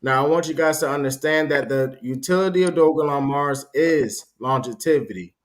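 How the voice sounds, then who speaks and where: A man hosting a live stream, building up his audience with upbeat, drawn-out motivational talk. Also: fairly high pitch. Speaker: host of a crypto live stream.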